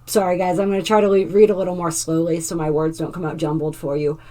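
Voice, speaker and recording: A woman hosting a spiritual oracle card reading, gently reading card text aloud and adding asides to her viewers. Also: lowish voice, level tone, quick pace, few pauses.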